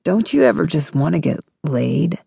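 A smug young college guy who talks down and pushes his luck, as a woman narrator puts him on. His voice sits a touch lower and rounder than her own, in an audiobook read. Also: sing-song, moderate pace, vocal fry, dark tone, slightly rough, no echo, studio quality, heavily acted. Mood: smug, pushy. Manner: condescending, pushy.

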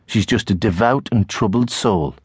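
A man's voice: fairly low pitch, moderate pace, a little mellow, husky, dry recording, clean studio sound. A male audiobook narrator voicing a stern, devout mother with a Tyneside accent who scolds her son. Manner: scolding, pious. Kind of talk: audiobook character voice.

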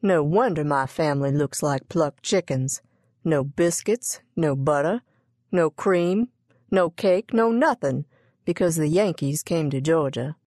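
Woman narrator doing proud old cook, scolding, folksy, low voice, dry read. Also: moderate pace, few pauses, dark tone, no echo. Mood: bossy.

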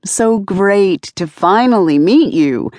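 A woman's voice: medium pitch, expressive, dry recording, voice pushed up. A woman voicing a young female movie executive who talks in an eager, gushing way. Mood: friendly. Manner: gushing, bright, hurried.

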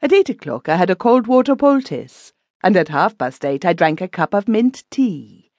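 A woman's voice: lowish voice, very animated, moderate pace, darkish tone, no room sound, voice pushed up. A woman voicing a fussy health-cure lady. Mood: chattering.

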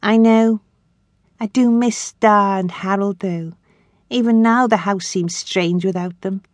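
A woman's voice: medium pitch, steady tone, measured pace, no room sound, pitched above the performer's own voice, close to an everyday voice. A woman reading an audiobook, voicing an earnest, hopeful young woman in a raised, eager voice.

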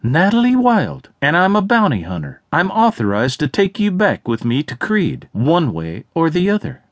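A man's voice: on the high side, wildly swooping pitch, normal speed, no room sound, clean studio sound, pitched above the performer's own voice. A man voicing a cool, determined young female bounty hunter in a western audiobook, giving firm, clipped commands. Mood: firm commanding.

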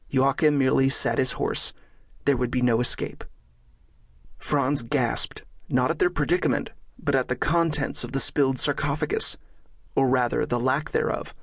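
Gravelly male audiobook narrator. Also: mid-range voice, no echo, clean studio sound. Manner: measured, steady storytelling.

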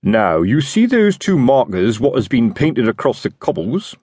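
A pompous, chatty city watch sergeant explains things with great self-importance, as a man puts him on. His delivery is lively and swoops up and down, with a slightly husky edge. The recording is dry and close. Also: mid-range voice, a little slow, no echo, voice pushed up.

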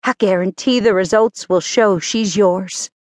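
Woman playing a fired-up protective mom, raised voice, slowish, dry, audiobook. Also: medium pitch, darkish tone, no room sound, lightly acted. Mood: bitter. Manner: impassioned, raised voice. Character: fiery middle-aged mother, fierce and protective.

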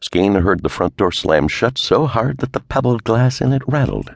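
A man narrating a noir detective novel in a measured storytelling manner. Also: lowish voice, expressive, creaky, dry recording. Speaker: audiobook narrator.

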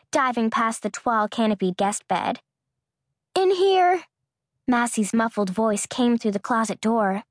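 Higher-voiced woman narrating a novel. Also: dry recording, clean studio sound. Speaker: audiobook narrator. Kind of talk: scripted narration. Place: recording booth. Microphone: close studio mic.

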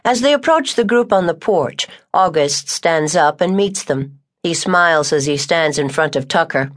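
A woman reading a novel aloud as an audiobook narrator, in an even, measured storytelling voice. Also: low voice. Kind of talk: scripted narration.

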